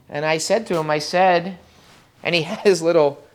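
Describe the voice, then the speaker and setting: Funny storytelling funeral director eulogizing. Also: medium pitch. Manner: conversational storytelling, acts out dialogue with humor; talks straight to the mourners, pausing often. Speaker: emergency medical technician. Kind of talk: eulogy at a memorial service. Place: funeral home service room.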